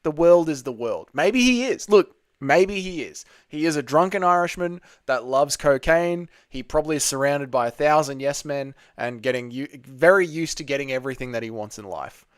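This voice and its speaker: A man's voice: a little high, lively intonation, moderate pace, hardly any pauses, clear, resonant tone, dry recording, clean studio sound. Blunt man hosting a livestream chat. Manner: blunt, crude banter, reads chat aloud. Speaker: livestream host.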